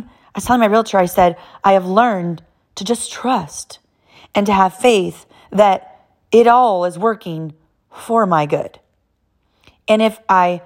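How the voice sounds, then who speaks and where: A woman in her thirties from Southern California, telling a personal story in a candid, emotional way, often restarting her sentences. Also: medium pitch. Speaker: vlogger sharing a personal story. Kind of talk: candid personal faith talk.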